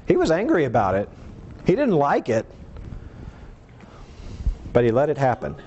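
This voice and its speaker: A man's voice: very animated, moderate pace, long pauses, a little mellow, highs cut off. A man preaching a sermon, earnest and emphatic, swinging his voice up and down for emphasis. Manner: earnest, emphatic preaching with rising and falling pitch.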